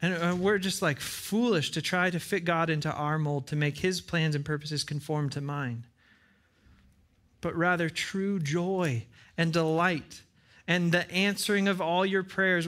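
A man's voice: on the high side, fairly bright tone. Earnest man preaching a sermon. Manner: earnest, repeats phrases for emphasis, acts out little dialogues. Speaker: pastor. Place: church with side screens.

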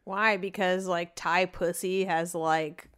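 Guy cracking dry jokes at his cohost on a podcast, kinda high voice. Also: little pitch movement, takes it slowly, a bit bright, clear, resonant tone. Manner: dry, teasing wisecracks. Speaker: podcast co-host. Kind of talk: casual chat.

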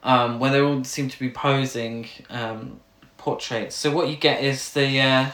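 Swearing, giggly podcast host, mid-pitch voice, echoey room. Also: a little slow. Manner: animated, swears, laughs often. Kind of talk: casual film review chat. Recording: roomy echo.

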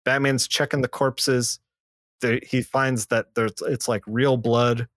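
A man's voice: flat delivery, slow, a bit bright, no room sound, clean studio sound. A man co-hosting a podcast, casually recapping a comic book plot with lots of fillers and restarts. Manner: recaps plots loosely with many fillers and restarts; acts out character lines in a lower voice. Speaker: podcast co-host.

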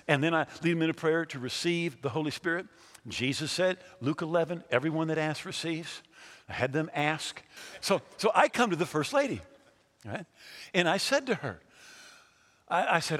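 A man preaching a sermon as pastor, telling a story with loud bursts and then leading a prayer in a hushed voice. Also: fairly high pitch, animated, normal speed, long reverb tail.

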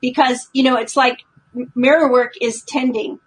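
A woman's voice: sits high, steady tone, moderate pace, slightly rough, poor audio. A woman on a podcast talking earnestly and emphatically, like a coach explaining self-care. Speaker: podcast co-host. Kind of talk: casual chat.

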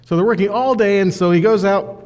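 A man teaching a conversational sermon, animated and acting out the people in the story. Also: high-pitched, fairly quick, in a large hall. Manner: animated, acts out quoted voices. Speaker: bible teacher.

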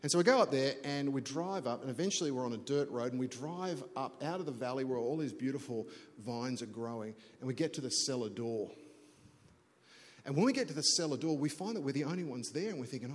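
Brief: middle-aged Aussie male pastor, chatty storytelling sermon, mid-pitched, long hall reverb. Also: brisk. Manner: chatty, self-deprecating, restarts words.

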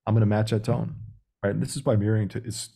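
A man's voice: on the low side, steady tone, fast, gravelly, dark tone, slightly rough. A young man speaking as a podcast guest about sales, talking directly and acting out phone calls. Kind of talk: casual interview talk.

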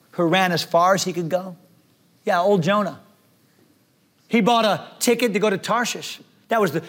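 A man preaching a sermon as pastor, acting out the despairing words of the people in his story. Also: high-pitched. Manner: dramatic, acts out despairing voices.

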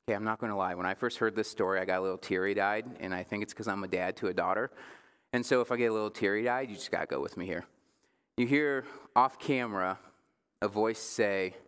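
A man in his thirties, a pastor giving a casual sermon, joking with the congregation and slowing down for emphasis. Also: lowish voice, fairly bright tone, clean tone, in a large hall. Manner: conversational preaching with jokes and slow emphatic phrases. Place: church sanctuary.

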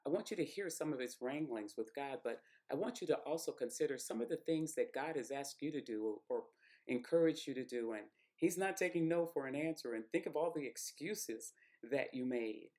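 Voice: mid-range voice, mellow. A podcast preacher giving a sermon-style Bible teaching, earnest and sometimes repeating words while searching for the phrasing.

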